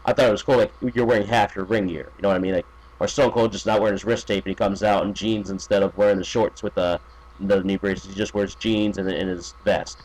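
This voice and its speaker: A man's voice: fairly low pitch, fairly even intonation, fast talker, darkish tone, low-quality recording. A man chatting as a podcast guest, rambling with many fillers, restarts and profanity. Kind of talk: casual podcast chat.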